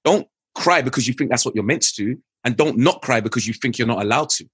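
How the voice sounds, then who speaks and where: A man, a father, speaking as an interview guest in earnest, lively, reflective conversation. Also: medium pitch, fast, breathy edge, no echo.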